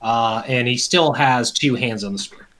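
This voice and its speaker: Slow, deliberate man describing an attack. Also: medium pitch, background noise. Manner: deliberate, with many ums. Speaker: player. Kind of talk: describing his character's attack.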